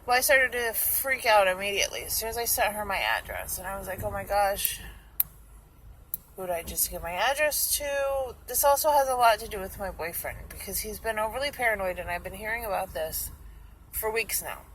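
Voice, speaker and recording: A young woman vlogging casually, retelling a story in a chatty, animated way and acting out what people said. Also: mid-range voice, brisk, a little hiss or hum, poor audio.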